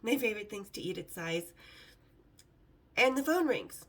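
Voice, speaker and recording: A woman's voice: on the high side, normal speed, fairly bright tone. A middle-aged woman hosting a vlog, telling brash, sarcastic stories in a casual, swearing way. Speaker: vlog host. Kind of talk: casual storytelling to camera.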